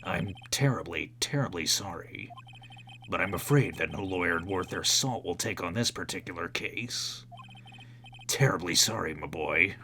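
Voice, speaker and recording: A man voicing a pompous, evasive old male lawyer with a gruff, drawling manner. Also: deep voice, animated, moderate pace, sharp tone, a little hiss or hum, pitched below the performer's own voice, heavily acted.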